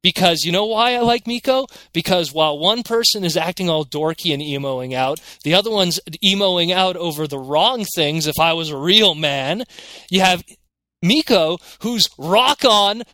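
Guy on a podcast, bright high voice, super animated, says like constantly, dry close sound. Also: no echo. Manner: animated, fast, lots of "like" and "you know". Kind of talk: casual podcast chat.

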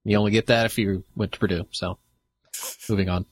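A man co-hosting a podcast in casual chat, rambling and halting with lots of fillers. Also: lowish voice, steady tone, husky, no echo. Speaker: podcast co-host.

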